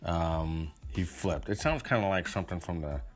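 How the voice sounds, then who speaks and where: A man giving his opinions in a casual spoken monologue, rambling and pausing often with fillers and restarts. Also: low voice, soft background music. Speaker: commentator.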